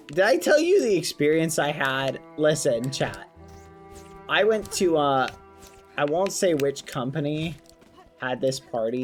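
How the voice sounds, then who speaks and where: Young man, streamer, chatty, talks straight to chat, lively swooping pitch, unhurried, faint game music behind. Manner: chatty, addresses chat, storytelling. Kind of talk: casual gameplay commentary.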